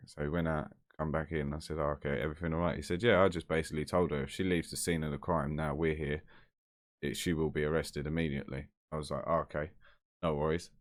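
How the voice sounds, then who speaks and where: A man's voice: a bass voice, no echo, studio quality. A man telling a story to camera in a blunt, chatty, heavily sweary way. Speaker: vlogger.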